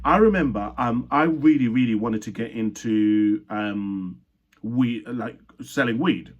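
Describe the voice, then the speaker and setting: Young guy from uganda telling his own story, earnest, keeps restarting sentences, mid-pitched voice. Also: a little slow, highs cut off. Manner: earnest, reflective, with frequent restarts and self-corrections. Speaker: speaker sharing his life story. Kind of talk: personal storytelling talk.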